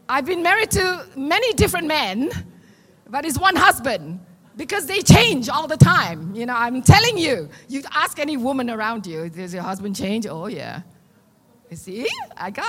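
A woman in her sixties delivers a sermon in a fairly high, very lively voice that swoops up and down. She keeps putting questions to the congregation and slipping in little jokes. The sound rings with the long reverb of a large hall. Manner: animated, questions the congregation, joking asides. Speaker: preacher.

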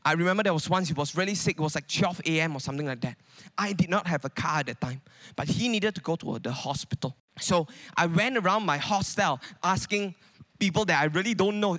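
A man's voice: fairly high pitch, lively intonation, fast talker, fairly bright tone. A man preaching a sermon in a conversational way, with many rhetorical questions.

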